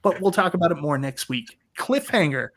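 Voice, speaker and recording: A man in his thirties hosts a casual panel chat for an arcade talk show over a video call, joking, telling stories, and laughing a lot. His voice is a little high, fast, and fairly bright.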